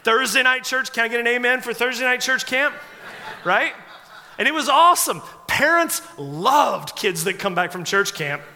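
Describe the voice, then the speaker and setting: Preacher man in his forties with a high, forceful voice, telling funny stories from the pulpit; long church reverb. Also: expressive, normal speed. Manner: conversational, humorous storytelling. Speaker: pastor. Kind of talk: sermon.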